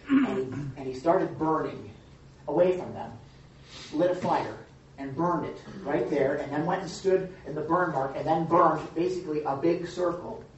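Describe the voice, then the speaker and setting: A man leading an informal Bible study, teaching in a rambling, halting way with many restarts and fillers. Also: on the high side, a little mellow, a little hiss or hum. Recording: distant, echoey, lo-fi room recording.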